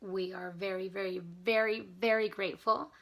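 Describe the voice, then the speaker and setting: Earnest woman vlogger with a gravelly, bright voice. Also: mid-range voice, fairly even intonation, moderate pace. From not from Canada. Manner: earnest, grateful, getting emotional; enthusiastic about mindset and gratitude. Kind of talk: casual chat to camera.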